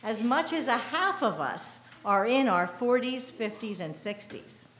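Slow, measured middle-aged American woman preaching. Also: on the high side, big pitch swings, a bit bright, echoey room, a little hiss or hum. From United States. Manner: measured, deliberate preaching delivery. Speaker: pastor. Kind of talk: sermon.

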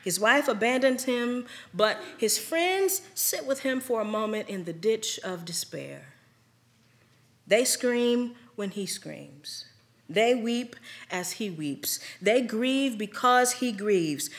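Woman pastor, unhurried sermon delivery, weighty pauses. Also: on the high side, animated. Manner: slow, deliberate preaching with dramatic pauses.

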